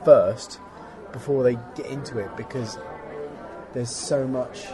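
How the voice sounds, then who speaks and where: A man's voice: medium pitch, slow, music in the background. A man hosting a casual interview who speaks earnestly and bluntly, swearing now and then for emphasis. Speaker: podcast host.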